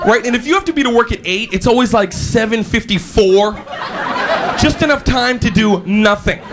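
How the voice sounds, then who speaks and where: A male stand-up comedian telling an animated story, acting out voices with big pitch jumps. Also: normal speed, background noise. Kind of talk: stand-up routine. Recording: live stage with loud crowd laughter. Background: audience laughing.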